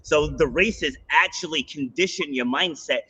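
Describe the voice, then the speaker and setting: Podcast host, man, middle-aged; bright, slightly husky voice, animated storyteller. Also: fairly high pitch, a little slow, low-quality recording. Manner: animated storyteller, acts out quotes. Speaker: podcast host and fitness coach. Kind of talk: casual interview storytelling.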